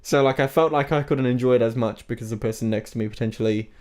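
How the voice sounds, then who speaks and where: A man's voice: mid-range voice, fairly even intonation, quick pace, darkish tone. A young man co-hosting a casual film review podcast, wry and self-deprecating. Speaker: podcast co-host.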